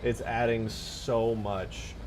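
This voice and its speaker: A man live-streaming casual chat, excitable and foul-mouthed, yelling thanks to his chat and then mumbling asides. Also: medium pitch, slow pace, background noise. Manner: excitable, swears a lot, yells thanks to chat; swings between mumbling asides and loud outbursts. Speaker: livestreamer and game modder.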